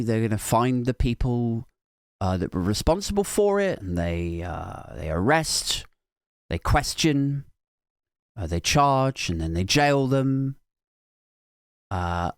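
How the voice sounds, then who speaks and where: A male podcast comedian riffing in a sardonic, rambling monologue and swearing freely. His pitch swings widely from low mutters to high squawks. The recording is dry and close, with no room echo. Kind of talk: comic monologue.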